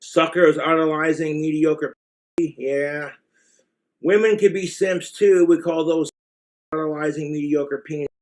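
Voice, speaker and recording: A man's voice: fairly high pitch, steady tone, measured pace, a little mellow. A man with an American accent giving blunt, crude, rambling relationship advice in a casual monologue to the camera.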